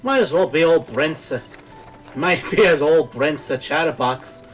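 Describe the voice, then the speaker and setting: A man voicing a chatty old male traveling peddler with a put-on Irish accent and folksy, rough country grammar. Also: fairly high pitch, animated, a little slow, faint music behind.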